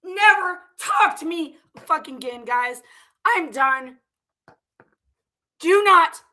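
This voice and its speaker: High, bright-voiced woman ranting heatedly. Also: lively intonation, slow. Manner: heated, profane, confrontational ranting. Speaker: commentary vlogger. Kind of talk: reading and reacting to viewer comments.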